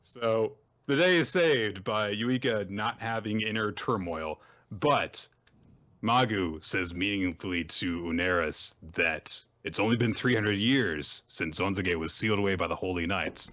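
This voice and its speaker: Animated man recapping manga. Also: low voice, unhurried, muffled recording. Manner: animated, jumps into silly character voices for quotes. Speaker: podcast host recapping manga. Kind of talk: casual chat, summarizing with voiced quotes.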